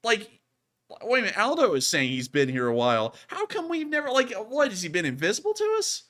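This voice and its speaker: A young man hosting a live stream in a bright, slightly high voice. He talks in a casual, excitable, rambling way, full of "like" and restarts. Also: brisk. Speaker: host of a live news stream.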